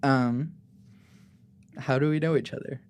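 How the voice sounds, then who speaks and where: A man's voice: medium pitch, fairly even intonation, measured pace, clear, resonant tone, no echo. A young man from Oklahoma hosting a casual interview podcast, easygoing and laughing often. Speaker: podcast host.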